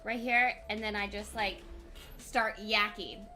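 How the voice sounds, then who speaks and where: A woman's voice: mid-range voice, fairly even intonation, unhurried, sharp tone, faint music behind. A woman hosting a tabletop game stream, chatting casually with players and viewers. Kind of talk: casual tabletop role-play chat.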